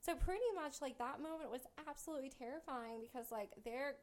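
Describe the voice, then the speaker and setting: A woman's voice: high voice, brisk. A female guest telling a story in casual chat, acting out the dialogue she quotes. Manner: chatty, acts out quoted dialogue.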